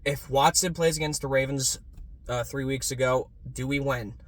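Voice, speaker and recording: Profane, excitable young man ranting. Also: normal speed. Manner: profane, excitable, swings from low mutter to loud yelling. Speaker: sports fan vlogger. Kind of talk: casual ranting vlog.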